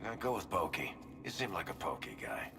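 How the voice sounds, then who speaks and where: A gruff soldier buddy in a game, gravelly low voice, lively and bright, dry jokes. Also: male voice, brisk, exaggerated voice. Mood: teasing.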